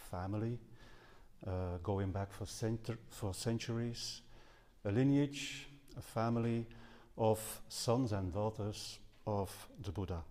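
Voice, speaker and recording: Earnest low-voiced man in a reverberant hall. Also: mellow. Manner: earnest, with some hesitations and self-correction. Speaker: Buddhist speaker. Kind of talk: dharma talk to a live audience. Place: seminar house hall.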